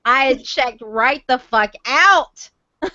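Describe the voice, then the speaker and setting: Woman, high voice, slow talk, swears a lot, laughs helplessly, dull lo-fi audio. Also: expressive, sharp tone, no room sound. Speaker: streamer hosting a voice-chat story night. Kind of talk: casual chat.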